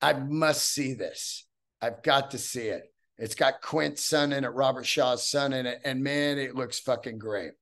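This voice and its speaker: A middle-aged man hosting his own podcast, telling a story in a casual, excitable, profane way with many restarts. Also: mid-range voice, a little slow. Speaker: podcast host. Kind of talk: casual solo podcast monologue.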